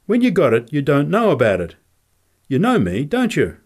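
A jumpy, punch-drunk little ex-boxer in a storybook reading, as a man puts him on, raised high above the reader's own voice. He talks in eager, insistent bursts, with pitch swinging up and down all over the place. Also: huge pitch swings, normal speed, a little mellow, breathy edge, full character voice.

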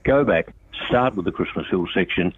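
A man's voice: low voice, moderate pace, breathy edge, no room sound. An older Australian man, a road safety campaigner calling into a radio show, talking bluntly and with passion. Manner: blunt, impassioned, addresses an official directly. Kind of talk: on-air phone interview. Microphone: telephone. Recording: tinny phone line.

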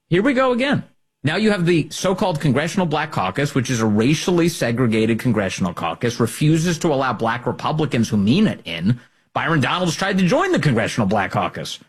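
A man's voice: fairly high pitch, husky. A man hosting a political opinion monologue, combative and sarcastic. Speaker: political commentary host.

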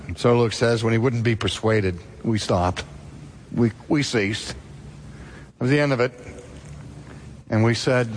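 A man's voice: mid-range voice, unhurried, gravelly, long pauses, slight background noise. A man preacher delivering a sermon with dramatic storytelling and rhetorical questions.

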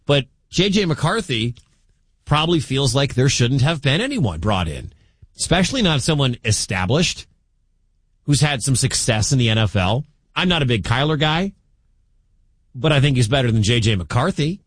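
A man hosting a sports talk show, arguing his opinions with lively swings in pitch. His voice sits at a middle height and sounds dry and close, with no room around it. He speaks straight to his listeners. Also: normal speed, dry recording. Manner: animated, argumentative, talks straight to listeners. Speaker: sports radio host.

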